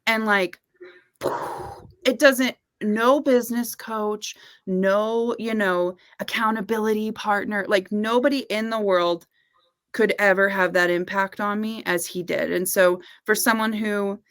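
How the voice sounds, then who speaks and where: A woman's voice: mid-range voice, fairly even intonation, a little slow, a bit bright, no echo. Young woman, dry close voice. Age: young adult. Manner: enthusiastic and open, often laughing. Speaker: interviewer. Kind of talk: casual heart-to-heart conversation.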